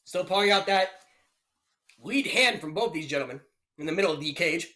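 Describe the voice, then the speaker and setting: A young streamer covers a live fight with goofy, eager commentary and sudden loud yells. His pitch is fairly high, and he speaks fairly fast.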